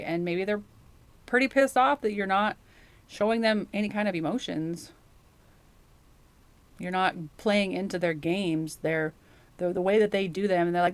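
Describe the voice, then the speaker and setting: A woman's voice: medium pitch, normal speed, pauses often. A woman giving a casual, rambling tarot reading that speaks straight to the viewer. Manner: rambling, chatty, addresses the viewer directly. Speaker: tarot reader.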